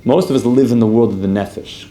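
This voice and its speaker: A man giving a casual religious class who asks the room questions and leans on "like" as he talks. His voice sits at an average pitch. It comes through a roomy, echoey space with faint background noise. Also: fast, mellow. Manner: chatty, asks the group questions, loose with "like". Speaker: rabbi teaching a class. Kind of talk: casual Torah class with storytelling.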